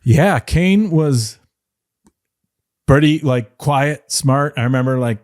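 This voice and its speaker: Middle-aged man from the detroit area, rambling animated storyteller, dry close mic. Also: mid-range voice, slow, dry recording. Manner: rambling, animated anecdotes with playful voice impressions. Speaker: podcast guest, former wrestling writer. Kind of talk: casual interview storytelling.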